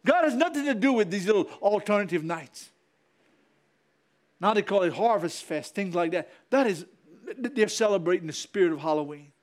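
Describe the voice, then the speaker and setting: A man's voice: high voice, expressive, normal speed. A man preaching a fiery sermon as pastor, repeating himself and calling out to the congregation.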